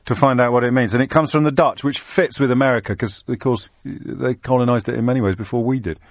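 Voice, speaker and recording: Brief: male phone-in host, rapid and teasing, dry close studio sound. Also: medium pitch, steady tone, no echo. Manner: teasing, jokey. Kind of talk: quick-witted phone-in banter. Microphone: studio mic.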